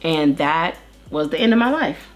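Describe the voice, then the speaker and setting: A woman's voice: low-pitched, lively intonation, normal speed, faint music behind. A woman in her thirties, an interview guest earnestly telling her own story with many restarts. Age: 30s. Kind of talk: candid personal testimony.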